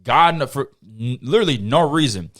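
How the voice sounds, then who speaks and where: A man's voice: medium pitch, expressive, moderate pace, fairly bright tone. Man animatedly telling a story. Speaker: podcast host. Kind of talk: casual storytelling chat.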